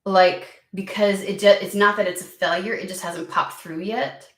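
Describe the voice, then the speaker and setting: A woman's voice: medium pitch, fairly even intonation, normal speed, fairly bright tone, echoey room. A woman giving a casual tarot reading, chatty and rambling, swearing freely and saying "like" a lot. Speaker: tarot reader.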